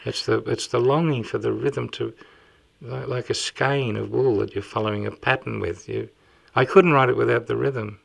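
A writer talking casually in an interview about his work, halting and searching for words. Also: medium pitch, steady tone, creaky, husky.

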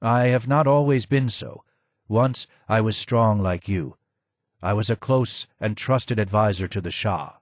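Hoarse, low old man, read by a male narrator; slow, grave, wry; audiobook part. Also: no room sound, natural voice. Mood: somber. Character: broken, disfigured older man, hidden former royal advisor.

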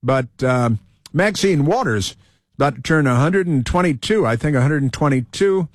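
A man's voice: on the high side, expressive, moderate pace, no room sound. A man giving sarcastic political commentary, with mocking asides and frequent filler restarts.

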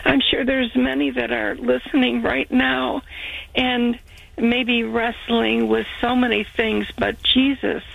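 A woman calling in to a radio show, giving grateful testimony in an earnest, halting way that restarts mid-thought. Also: a little high, little pitch movement, vocal fry, no echo, phone-quality sound. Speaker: caller.

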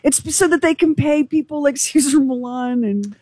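Animated, mellow-voiced woman co-host. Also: high voice, moderate pace, no echo. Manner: animated, self-deprecating, exclamatory. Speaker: podcast co-host. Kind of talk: casual chat.

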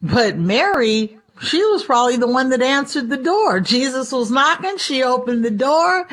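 Woman preacher, high-ish voice, chatty sermon style, acts out quotes. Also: big pitch swings, moderate pace, a bit bright. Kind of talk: conversational devotional sermon.

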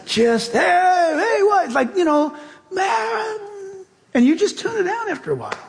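A man preaches with a high, lively voice that swoops up and down as he acts out little scenes. He keeps asking his listeners questions. His voice rings through a large hall with a long echo. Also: normal speed, gravelly. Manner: animated, acts out voices, asks the crowd questions. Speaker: pastor. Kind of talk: sermon.

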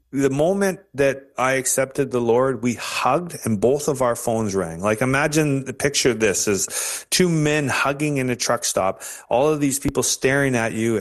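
A man from Canada telling his conversion story as an interview guest, earnest and emotional, with many restarts. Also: mid-range voice. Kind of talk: personal faith testimony.

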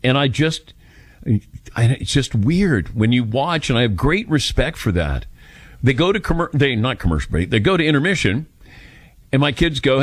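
Lively self-deprecating male radio host. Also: medium pitch, normal speed, no room sound, studio quality. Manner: chatty, self-deprecating, storytelling. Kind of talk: casual radio chat. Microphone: studio microphone.

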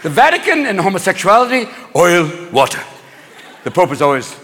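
A man's voice: high voice, sing-song, brisk. A male stand-up comedian performing a manic routine live, jumping in and out of wild character voices. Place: large theater stage. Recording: live show, hall reverb, loud crowd.

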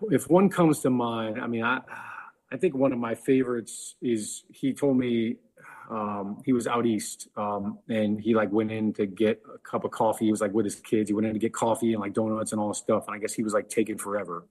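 A man's voice: on the low side, fairly even intonation, brisk, darkish tone, breathy edge. A man casually telling a rambling story, full of likes and ums. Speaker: guest.

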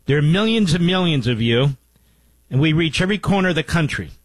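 A man's voice: a little high, lively intonation, brisk, slightly rough, no room sound, low-quality recording. A man hosting a talk radio show, speaking emphatically and repeating key points for stress.

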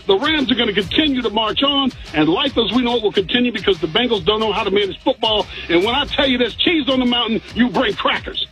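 A man's voice: very high voice, quick pace, few pauses, music in the background, low-quality recording. A man from Western Pennsylvania calling in to a sports radio show with a brash, jokey hot take. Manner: brash, jokey trash talk. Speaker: caller. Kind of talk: sports radio call-in rant.

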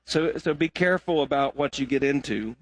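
A man's voice: mid-range voice, fairly quick, dry recording. Man preaching a sermon, dry sound. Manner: preaching with rhetorical questions to the congregation. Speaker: pastor. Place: church sanctuary.

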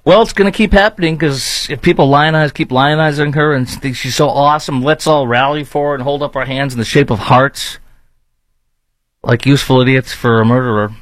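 A man's voice: medium pitch, a little fast, fairly bright tone, no room sound. A man with a Chicago accent hosting a commentary show, talking in a heated, blunt and rambling way with frequent restarts. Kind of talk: opinionated commentary.

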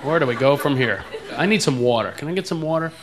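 A man's voice: fairly high pitch, expressive, fast, over music. A man with an East Coast accent doing a stand-up routine, joking about his own accent. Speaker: stand-up comedian. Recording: loud laughing crowd, noisy club.

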